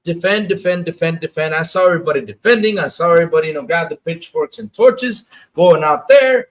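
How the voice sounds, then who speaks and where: A man hosting a casual gaming livestream, talking in an animated, emphatic way and repeating his phrases for effect. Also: high-pitched, fast, hardly any pauses. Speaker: gaming show host. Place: lives in the Dominican Republic.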